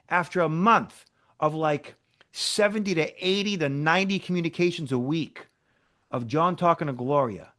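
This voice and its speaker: A man, a cybersecurity expert guest in an interview, telling a story in an animated way, acting out dialogue and checking in with "okay?" and "right?". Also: a little high.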